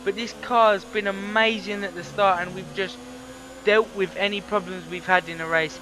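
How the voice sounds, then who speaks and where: A man giving excited, chatty commentary over a racing game, his voice hoarse from shouting. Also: high-pitched, moderate pace, slight background noise. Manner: energetic, chatty, slangy. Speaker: gaming video creator.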